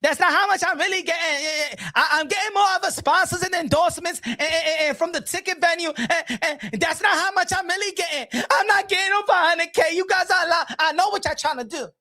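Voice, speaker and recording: A man's voice: very high-pitched, brisk, hardly any pauses, bright, forceful tone, pitched above the performer's own voice, heavily acted. A man mocking a flustered female boxer, stammering and repeating himself defensively in a raised voice.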